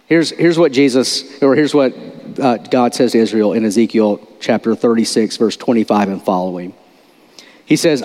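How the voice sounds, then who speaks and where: A man's voice: medium pitch, moderate pace, darkish tone. Man preaching a casual sermon, reverberant hall. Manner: informal, repeats words, quizzes the audience. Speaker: pastor. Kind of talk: conversational sermon.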